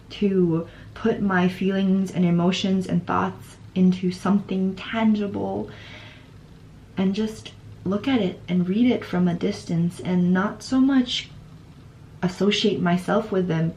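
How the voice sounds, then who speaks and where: A woman's voice: medium pitch, darkish tone, a little hiss or hum. A young adult woman vlogging from her room, giving an earnest, tender reflection on her time as an exchange student. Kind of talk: heartfelt personal reflection.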